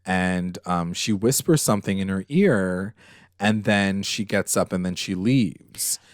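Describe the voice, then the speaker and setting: With a deep voice and a slightly slow delivery, this man co-hosts a podcast and animatedly recounts a TV episode, his emotional chat full of fillers and swearing. The sound is dry and clean, studio quality.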